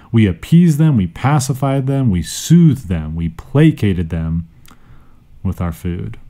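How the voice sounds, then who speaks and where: A man hosting a vocabulary podcast, talking in a casual, playful way with bursts of jokes. His voice sits a bit low and sounds mellow and dark. He teaches from a chair at a studio mic. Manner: playful, animated teacher, jokes and sudden pitch jumps. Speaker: podcast host. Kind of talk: casual educational podcast monologue. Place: indoors, seated on a squeaky chair. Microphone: studio microphone.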